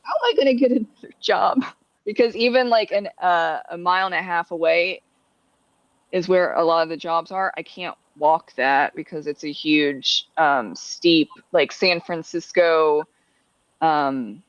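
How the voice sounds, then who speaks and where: A woman's voice: deep voice, unhurried, no echo, highs cut off. A woman from the Washington, D.C. area chatting casually as a guest on a video call, laughing between thoughts. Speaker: livestream guest. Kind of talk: casual chat.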